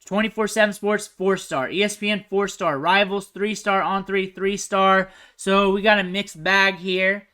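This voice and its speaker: A young man giving casual, chatty commentary over football highlight film, thinking aloud and trailing off quietly at the ends of his sentences. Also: steady tone, a little slow, few pauses, clean tone. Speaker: recruiting analyst host.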